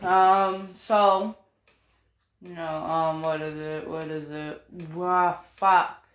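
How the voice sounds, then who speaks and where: A woman's voice: low-pitched, fairly even intonation, very slow. A woman narrating a story in a loose, rambling way, often apologizing, getting distracted and swearing casually. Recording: roomy echo.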